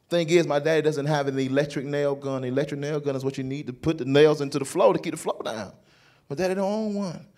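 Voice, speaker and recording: A young adult man doing stand-up comedy at a church, telling a story in an animated, playful way. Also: fairly high pitch.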